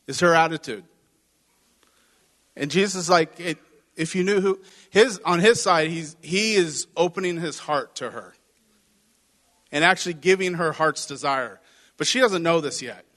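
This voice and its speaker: Male pastor, conversational sermon delivery with acted asides, voice sitting a touch high, long hall reverb. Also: expressive, moderate pace, a bit bright.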